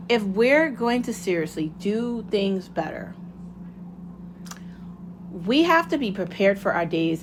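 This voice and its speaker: A podcast host speaks in a mid-range voice over background noise. Her motivational monologue is casual and rambling, candid in tone, and she swears freely throughout.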